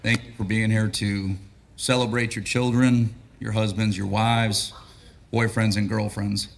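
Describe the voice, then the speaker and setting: A battalion chief of training with a raspy, hoarse voice, giving a relaxed, joking and grateful speech at a graduation ceremony. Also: male voice, on the low side, measured pace. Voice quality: raspy, losing his voice.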